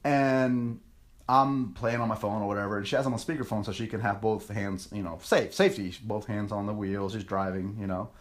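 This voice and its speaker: A man's voice: lowish voice, fairly quick. A young man hosting a podcast, telling a story in a casual, rambling and profane way with plenty of self-mockery. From United States. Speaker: podcast host.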